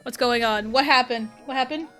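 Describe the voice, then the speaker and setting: A young woman livestreams a video game in casual chat, giggly and self-mocking, with faint game music underneath. Her voice is a little high, pushed and bright, at a moderate pace.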